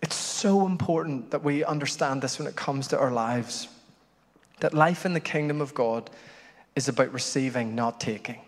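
A man preaching a sermon as pastor, telling stories in an animated way that swings from loud to hushed. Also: a little high, moderate pace. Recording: long hall reverb.

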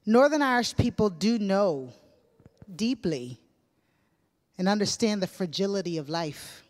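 This woman speaks in a mid-range voice with a darkish tone, lively intonation and a measured pace. She's giving a casual, story-filled sermon with fillers, recorded with long church hall reverb.

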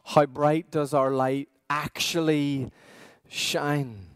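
Male pastor, slightly higher voice, earnest questioning sermon. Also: little pitch movement, smooth, dry recording. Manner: earnest, questioning, with slow emphatic pauses.

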